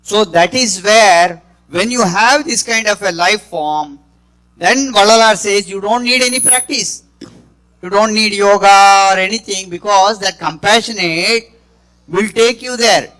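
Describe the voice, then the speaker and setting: A middle-aged man giving a spontaneous talk, halting and often restarting his phrases. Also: high-pitched, pushed and bright, poor audio. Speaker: speaker on spiritual healing.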